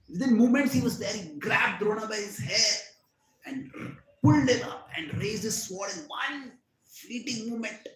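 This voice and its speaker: A man with an Indian English accent tells an epic tale as a devotional lecture, raising and dropping his voice to act out the characters. His voice sits fairly high for a man. He is recorded in an echoey hall with faint noise behind him. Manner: dramatic, acts out characters' cries with swings in pitch and loudness. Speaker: spiritual teacher.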